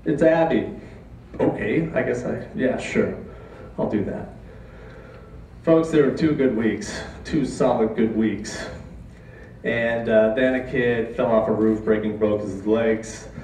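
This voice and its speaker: A man tells a funny true story to a live audience in a deadpan, mock-dramatic way. His voice is caught from a distance in an echoey room. There is a faint hum of ambience behind him. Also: on the low side, slow pace. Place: live stage before an audience.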